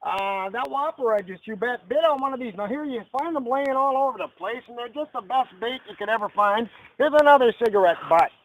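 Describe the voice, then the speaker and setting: A man hosting an ad-libbed mock fishing show outdoors by a river, rambling in a deadpan way with lots of fillers. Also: extremely high pitch, fairly quick, few pauses. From Texas. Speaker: comedy fishing show host. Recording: lo-fi camcorder audio outdoors.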